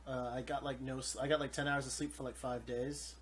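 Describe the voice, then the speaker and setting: A man's voice: medium pitch, little pitch movement, fairly quick. A man co-hosting a podcast, telling a story in casual, profane chat and laughing as he goes. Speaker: podcast co-host.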